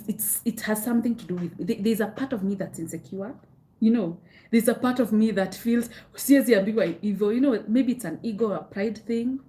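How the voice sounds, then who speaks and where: A young woman with a Kenyan accent talks to viewers on a live stream in a candid, chatty way. She answers their comments, keeps coming back to the same advice and slips Swahili phrases into her speech. Her pitch sits in the middle range. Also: mellow. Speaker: host of a live self-help session.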